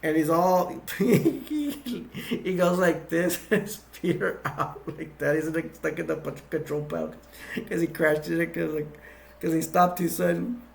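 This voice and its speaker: A man's voice: fairly high pitch, level tone, normal speed, vocal fry. A man giving a casual movie plot recap, rambling with frequent restarts and chuckles. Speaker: video reviewer.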